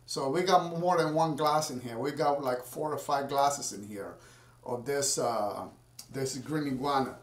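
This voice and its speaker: A man's voice: mid-range voice, unhurried. Chatty man, roomy and off-mic. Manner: rambling, chatty, talks to viewers. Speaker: home cocktail maker. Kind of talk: casual cooking vlog. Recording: roomy sound, from far off the mic.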